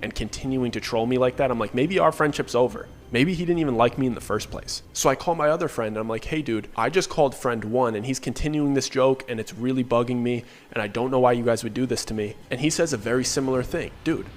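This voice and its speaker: A man telling a first-person story, acting out the quoted dialogue with animated delivery. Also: mid-range voice, fast, few pauses.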